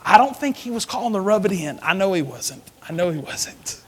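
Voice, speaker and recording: Preacher guy, kinda high raspy voice, whispers then gets loud. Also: big pitch swings, fairly quick. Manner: swings from hushed whispers to loud emphatic preaching. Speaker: associate pastor. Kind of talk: sermon. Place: church sanctuary.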